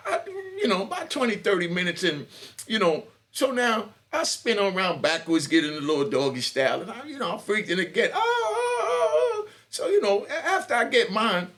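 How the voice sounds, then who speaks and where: Animated, laughing man telling a street story. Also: high-pitched, fairly quick. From New York. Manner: animated, laughs often, repeats "you know what I mean"; boastful and bawdy, stumbling restarts. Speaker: storyteller, channel host. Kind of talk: casual street storytelling monologue.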